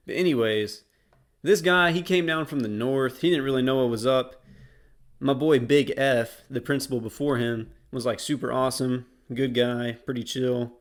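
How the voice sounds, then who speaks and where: A young man casually telling a school story as a YouTuber, slangy and rambling. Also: medium pitch. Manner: slangy, rambling, laid-back.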